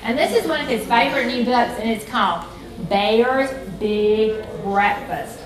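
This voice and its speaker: A high-voiced woman reads a picture book to children and leads them in chants, lively and coaxing. Her voice echoes around a library room, caught from far off, with a crowd of children around her. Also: a little slow. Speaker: children's storytime reader.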